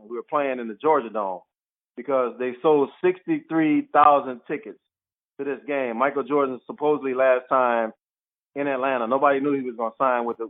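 A man who played pro basketball, telling stories in an interview and acting out the quotes. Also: mid-range voice. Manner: animated storyteller, acts out quotes. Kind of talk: storytelling interview. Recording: tinny phone-like line.

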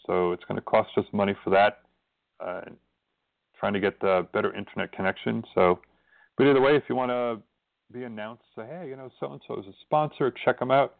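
Male radio host, gravelly, dry close sound, phone-line audio, rambling earnest storyteller. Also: fairly low pitch, fairly even intonation, a little fast, dry recording. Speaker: radio host and spiritual reverend. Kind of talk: casual radio monologue.

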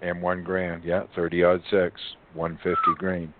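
A man with a low voice talks unhurriedly in a casual radio chat, drawing out each detail as he lists it. He sounds thin and tinny, like he is on a phone line. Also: completely flat delivery, normal speed, very noisy.

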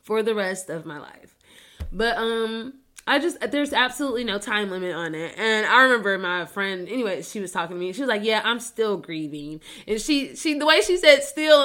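A woman's voice: medium pitch, pushed and bright. A woman hosting a podcast in a casual chat, speaking in a candid, emotional way with plenty of swearing. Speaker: podcast host.

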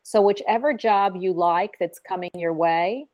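An effusive woman hosts a call-in radio show and laughs easily as she chats. Her voice sits at an ordinary middle pitch. The sound is dry and close, with no room echo. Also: a little slow, a little mellow. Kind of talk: casual call-in show chat.

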